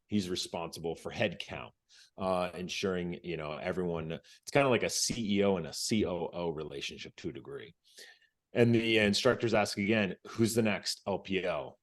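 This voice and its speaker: A man from the United States, a former Navy SEAL, telling a story as a podcast guest. He talks casually, acts out what people said and restarts his phrases. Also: low voice.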